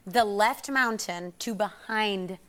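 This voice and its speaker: A woman guesting on a late-night talk show, telling an anecdote in an excited, insistent way. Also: medium pitch, takes it slowly.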